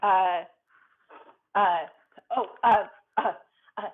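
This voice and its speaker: A woman's voice: medium pitch, fairly even intonation, normal speed, pauses often. A woman playing a tabletop game, speaking casually as a player. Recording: tinny phone-like line.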